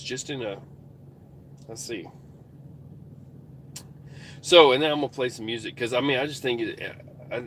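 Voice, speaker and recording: A man's voice: mid-range voice, slight background noise. A man vlogging in casual rambling chat, interrupting himself and talking folksy from a vehicle.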